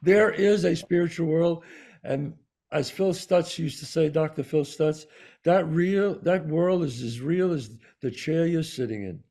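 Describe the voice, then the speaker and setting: A man with a New York accent, co-hosting a talk show and telling a personal story in an animated way, acting out the voices of the people in it. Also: on the high side, measured pace, vocal fry. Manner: animated storyteller, acts out quoted dialogue. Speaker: podcast co-host. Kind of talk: storytelling in casual conversation.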